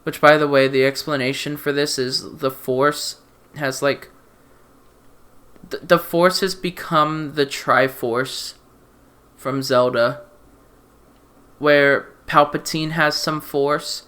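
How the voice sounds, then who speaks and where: A man's voice: on the high side, steady tone, slow pace, pauses often, sharp tone, clear, resonant tone. A man ranting about a movie in a casual, rambling way, stammering through restarts and sounding exasperated and sarcastic. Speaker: movie reviewer. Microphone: desk mic.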